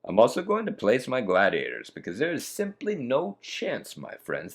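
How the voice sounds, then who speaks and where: A man's voice: medium pitch, wildly swooping pitch, normal speed, hardly any pauses. A man hosting a solo board game playthrough, talking viewers through each move in a chatty, theatrical way.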